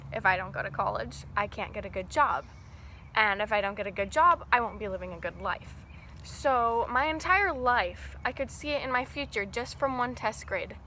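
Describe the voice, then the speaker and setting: A woman's voice: a little high, sharp tone, a little hiss or hum. A young adult woman telling a personal story in an earnest, rambling, emotional way, straight to camera. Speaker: vlogger.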